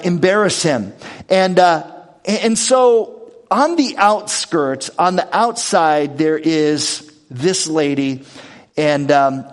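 A man preaching a sermon, retelling a story with lively emphasis and frequent filler words. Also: sits high.

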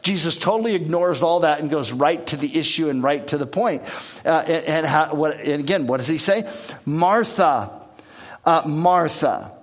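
A man's voice: fairly high pitch, a little fast. A man preaching a conversational sermon, earnest, repeating words and acting out the lines he quotes. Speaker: pastor.

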